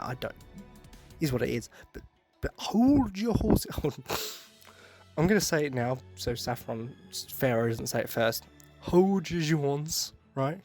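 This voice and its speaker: Young male podcast host, mid-pitched, rambling and chatty, with faint background music. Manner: rambling, self-interrupting, joking asides. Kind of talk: casual solo podcast talk.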